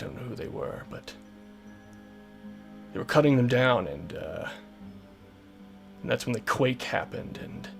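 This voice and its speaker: A man voicing a pale, tired, broody male tiefling rogue who talks low and subdued. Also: vocal fry.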